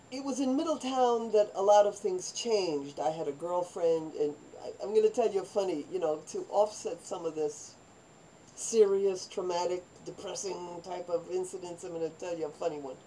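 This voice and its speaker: An older woman vlogger tells her life story to the camera in a loose, rambling monologue, drifting into asides and throwing herself into the voices of people she quotes. Her voice is warm and on the low side at a normal speed. The recording is rough, with a little hiss or hum.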